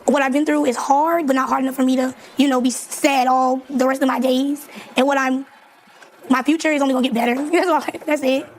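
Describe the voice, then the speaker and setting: A woman's voice: sits high, steady tone, fairly quick, a little hiss or hum. A young woman in her late teens being interviewed, chatty and upbeat, with lots of fillers.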